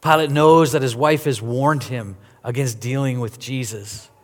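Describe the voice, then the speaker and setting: A man's voice: medium pitch, fairly even intonation, a little slow, in a large hall. A man preaching a sermon as a pastor, earnest, often repeating words as he rises and falls in volume.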